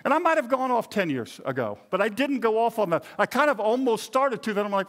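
A man's voice: high voice, big pitch swings, brisk, a bit bright. A middle-aged man, a pastor, preaching a sermon in a conversational, self-deprecating way with touches of humor.

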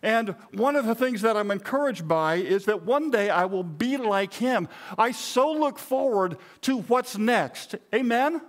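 Man, pastor, high voice, chatty joking sermon, middle-aged. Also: expressive, unhurried. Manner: conversational, self-deprecating preaching with humor.

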